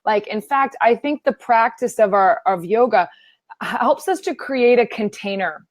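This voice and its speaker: Animated woman acting out her thoughts. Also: fairly high pitch, unhurried, no echo. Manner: animated, self-deprecating, acts out her inner voice. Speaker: yoga teacher and author, guest. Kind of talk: casual interview chat.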